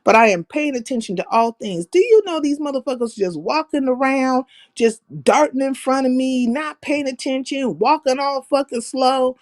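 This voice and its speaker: A woman talks on her livestream, brash and profane, spinning animated stories full of slang. Her voice sits a bit high. The sound is close and dry, with little room around it. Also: moderate pace, no room sound. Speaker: livestream host. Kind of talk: casual profane storytelling chat.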